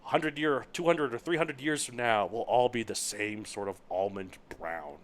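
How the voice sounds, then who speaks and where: A man's voice: medium pitch, moderate pace. A young man hosting a podcast, chatting casually and joking with a rambling delivery. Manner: joking, rambling, laughs often, tries on accents. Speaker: podcast host. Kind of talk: casual chat.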